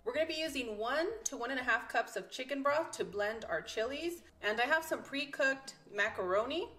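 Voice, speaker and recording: A woman with a Texan accent hosting a home cooking tutorial in her kitchen, explaining each step in a chatty, easygoing way with soft laughs. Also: high-pitched, animated, normal speed, faint music behind. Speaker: cooking channel host and mother.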